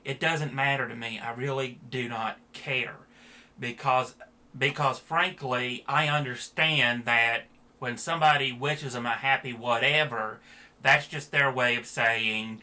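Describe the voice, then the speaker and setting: A man's voice: mid-range voice, steady tone, measured pace, bright, forceful tone. A man giving a blunt, sarcastic opinion rant to the camera as a vlogger.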